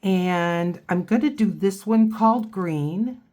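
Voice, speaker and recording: A woman's voice: medium pitch, slow pace, darkish tone. A woman giving a casual painting tutorial, chatting and thinking aloud as she works. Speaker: watercolor instructor.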